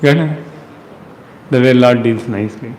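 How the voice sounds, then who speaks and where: A man with an Indian English accent teaching a devotional class, lively and teasing, with rhetorical questions and chuckles. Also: mid-range voice, a little slow. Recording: long hall reverb, faint noise.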